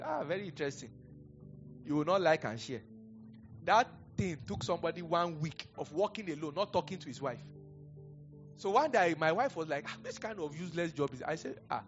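High-voiced Nigerian pastor preaching. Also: male voice. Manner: conversational, digressive storytelling with chuckles. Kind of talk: preaching a sermon. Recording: dull lo-fi sound with faint music.

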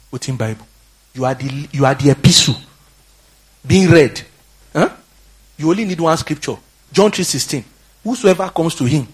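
Husky man with a Nigerian accent, fiery sermon, exhorting, quiet then shouting. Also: mid-range voice. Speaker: pastor.

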